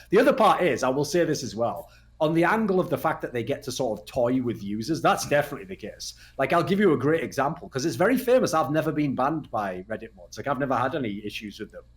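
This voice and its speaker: A man speaking as a guest in a casual podcast chat, blunt and profane, telling animated stories. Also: mid-range voice. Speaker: podcast guest, retired pro gamer.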